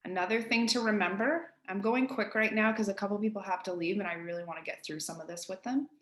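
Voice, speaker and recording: A woman's voice: mid-range voice, fast. Woman, East Coast Canadian accent, casual hands-on tutorial, direct and chatty, echoey room. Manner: chatty, direct, addresses listeners as guys. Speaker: real estate agent teaching colleagues.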